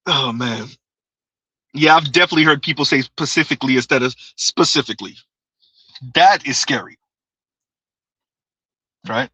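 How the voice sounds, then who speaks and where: Male livestream host, bright and slightly high, rambling and repetitive, laughs a lot, dry close sound. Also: normal speed, pauses often, husky, dry recording, poor audio. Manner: rambling, repeats himself, laughs often. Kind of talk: casual live chat reading comments.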